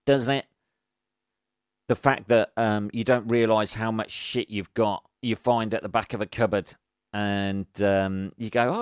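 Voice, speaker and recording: A man's voice: on the low side, steady tone, a little slow, smooth, dry recording, clean studio sound. A man hosting a solo comedy podcast. He rambles through sweary, wry asides with plenty of ums. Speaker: podcast host. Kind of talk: solo comic podcast monologue.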